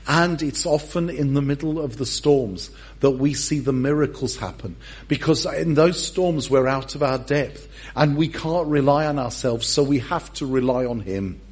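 A man's voice: medium pitch, darkish tone, husky. A male pastor preaching a sermon, humorous and self-deprecating as he tells the story.

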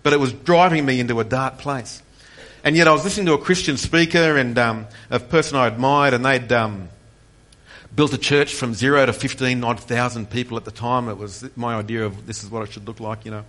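This forties-aged pastor speaks a little fast in a mid-range voice, giving a fervent sermon drawn from his own testimony. He restarts himself often and rises almost to shouting whenever he hits a key point.

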